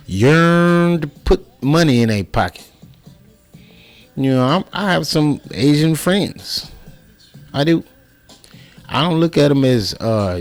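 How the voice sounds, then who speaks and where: A man giving impassioned personal commentary, heated and profane, with many restarts and repeated words. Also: mid-range voice.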